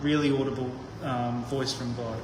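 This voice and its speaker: A man's voice: mid-range voice, steady tone, moderate pace, background noise. A man preaching a conversational sermon, thinking aloud with frequent restarts. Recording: echoey hall with long reverb.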